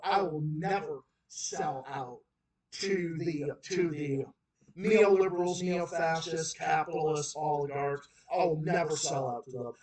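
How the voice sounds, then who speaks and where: A man with a Boston accent hosting a livestream and ranting heatedly about politics, repeating himself and restarting sentences. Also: on the high side. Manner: heated, repetitive, emphatic ranting with many restarts. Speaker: livestream host. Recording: roomy echo, far from the mic.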